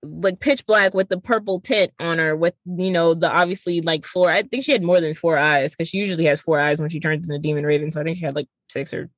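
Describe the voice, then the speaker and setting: A woman co-hosting a podcast, recapping a movie in casual chat and acting out the characters' lines in quick voices. She is slangy and swears freely. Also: sits low, dry recording. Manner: animated, acts out characters' lines in quoted voices; slangy and profane. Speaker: podcast co-host.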